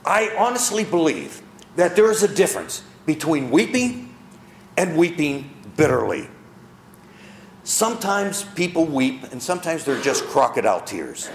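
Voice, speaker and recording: A man's voice: mid-range voice, reverberant, a little hiss or hum. A man preaching a sermon as pastor, earnest, asking his listeners questions and repeating key phrases.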